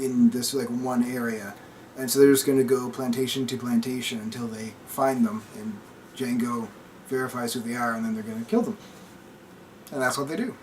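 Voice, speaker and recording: A man's voice: mid-range voice, a little mellow, distant mic, a little hiss or hum, rough recording. A young man casually summarizing a film's plot in a laid-back way. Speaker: podcast co-host. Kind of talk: casual movie review chat.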